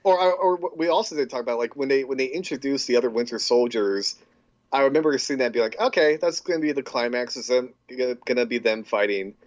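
Young man, podcast co-host, enthusiastic, rambling, mid-pitched voice, slightly dull lo-fi sound. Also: fast talker. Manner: enthusiastic, rambling with fillers and restarts. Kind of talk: casual chat.

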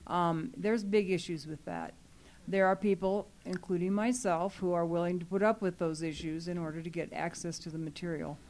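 A woman's voice: lowish voice, steady tone, moderate pace, a little mellow. A woman talking through an issue at a group meeting, earnest and explanatory, with many fillers. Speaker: library program staff speaking to a user group. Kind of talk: meeting discussion.

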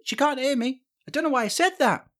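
A woman's voice: high-pitched, fast, fairly bright tone. A woman voicing an odd, creepy boy who hosts a spy podcast, rambling and awkward with lots of fillers. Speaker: podcast host.

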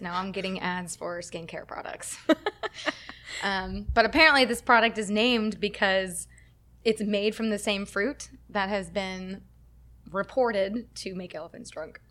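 A woman co-hosts a podcast in relaxed, chatty talk. She explains things playfully and laughs easily. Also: mid-range voice, measured pace. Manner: casual, laughs often, explains facts playfully. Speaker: podcast co-host. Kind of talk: casual podcast chat.

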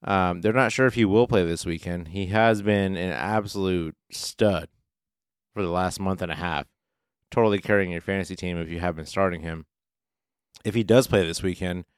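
With a deep, clear, resonant voice, a man co-hosts a fantasy football podcast, keeping the sports chat casual and loose. He throws in some profanity and likes to compare things to the workplace. The studio sound is clean, with no echo.

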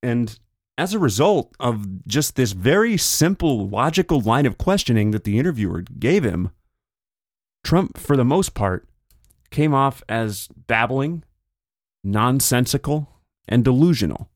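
This podcast host works through political commentary in a relaxed, chatty way, tossing off quick mock quotes to paraphrase others. His medium-pitched voice is very animated, and the studio recording is clean with no echo.

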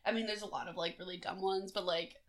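A woman's voice: medium pitch, steady tone, quick pace. A young woman co-hosting a casual book discussion, swearing freely and acting out scenes with laughter. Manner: profane, laughing, acts out scenes. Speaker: podcast co-host.

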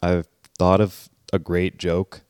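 Deep-voiced man joking on a podcast. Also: little pitch movement, takes it slowly, a little mellow, clean tone, no room sound, clean studio sound. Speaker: podcast co-host. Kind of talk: casual chat.

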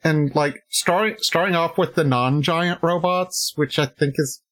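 A podcast host in casual chat, talking slowly with many fillers and restarts. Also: female voice, low voice, a bit bright.

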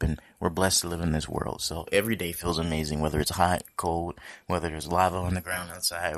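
A man's voice: sits low, dry recording. A man hosting his own podcast alone from his kitchen, talking in a profane, rambling, joking monologue. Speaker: podcast host. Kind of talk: casual solo podcast monologue. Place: home kitchen.

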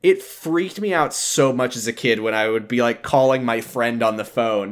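A man's voice: mid-range voice, normal speed, few pauses. A man co-hosting a podcast, telling stories in a rambling, self-interrupting way. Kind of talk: casual chat.

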